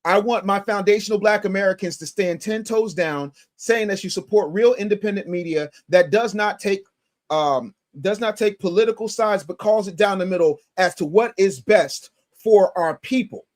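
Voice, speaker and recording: A man's voice: high-pitched, normal speed. A man hosting a live stream, reacting to a clip and reading viewer super chats aloud with energy. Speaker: livestream host.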